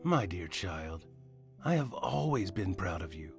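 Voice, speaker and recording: A deep, gravelly old ferryman in a video game. His words come slow, tender and grave, with faint music underneath. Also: very animated, heavily acted. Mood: solemn tender. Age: older. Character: old ferryman teacher, gentle and solemn.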